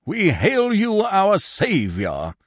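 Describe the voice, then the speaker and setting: A man's voice: high voice, wildly swooping pitch, slow, dry recording, studio quality, pitched above the performer's own voice, full character voice. Pompous big theatre troupe leader, declaiming; male narrator doing the voice. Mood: grandiose.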